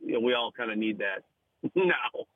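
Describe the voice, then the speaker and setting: A man's voice: mid-range voice, moderate pace, dry recording, phone-quality sound. A man who is a radio show guest, chatting casually and telling a story with acted-out voices and frequent laughs. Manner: animated storyteller, acts out voices, laughs often. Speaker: radio show guest, comedian and podcast host. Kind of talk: casual chat.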